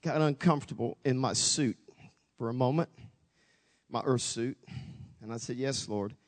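A man's voice: mid-range voice, normal speed, in a large hall. A pastor preaching a sermon, telling a story with dramatic swings, acting out both his own voice and God's. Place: church sanctuary.

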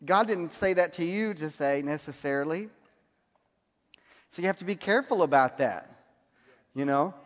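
High-voiced preacher in an echoing hall. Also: male voice, moderate pace, pauses often. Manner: storytelling, laughing at his own anecdotes. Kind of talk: sermon. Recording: long hall reverb.

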